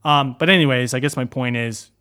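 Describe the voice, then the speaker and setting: A man's voice: medium pitch, a little fast, sharp tone. A young man co-hosting a podcast in casual chat, rambling with many fillers and repeated words. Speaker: podcast co-host.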